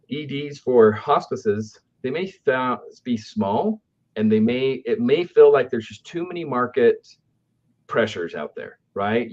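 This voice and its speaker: A man's voice: mid-range voice, a little mellow. A man telling stories about customer service in a conversational way, often asking "right?" to check in with the listener. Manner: anecdotal, keeps asking "right?". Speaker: aftercare company speaker. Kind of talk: conversational business storytelling. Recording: dull lo-fi audio.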